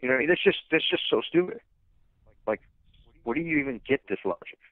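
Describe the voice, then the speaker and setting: A fighter's manager, blunt and expressive, rants fairly quickly through a tinny phone line in a phone interview, tripping over fillers and restarts as he vents. His voice is mid-range. The sound is close and dry, without echo.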